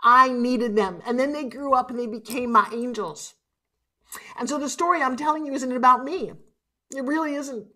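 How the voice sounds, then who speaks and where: Animated woman motivational speaker. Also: sits high, moderate pace. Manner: animated and emotional, swings from loud to hushed. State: tearful at times. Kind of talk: live motivational keynote speech.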